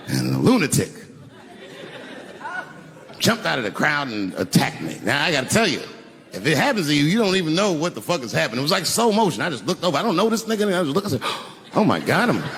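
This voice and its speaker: A man doing profane, animated stand-up storytelling on stage with a handheld mic, punching up lines with sudden shouts. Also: fairly high pitch, a little fast, pauses often, background noise. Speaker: stand-up comedian. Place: stage in a large venue. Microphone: handheld microphone. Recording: echoey live venue.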